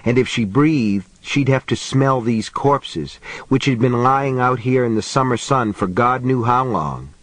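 A man giving a steady, measured reading of a horror story. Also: mid-range voice, dry recording. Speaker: audiobook narrator. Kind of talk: scripted horror narration.

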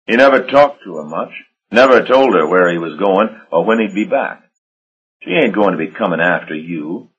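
A man's voice: sits low, animated, normal speed, a bit bright, husky, lo-fi sound, exaggerated voice. A man doing a coarse henchman. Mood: dismissive. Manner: coarse, drawling, dismissive. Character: coarse, sly Southern henchman, young adult man.

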